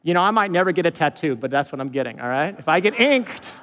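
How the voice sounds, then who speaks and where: A man preaching a sermon, emphatic, swinging from loud declarations to hushed storytelling. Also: a little high, lively intonation, quick pace, long reverb tail. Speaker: pastor.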